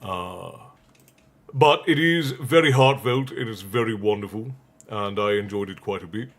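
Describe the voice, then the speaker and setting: A man's voice: lowish voice, moderate pace. A man hosting a casual livestream who laughs often and reads out viewer messages. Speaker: livestream host.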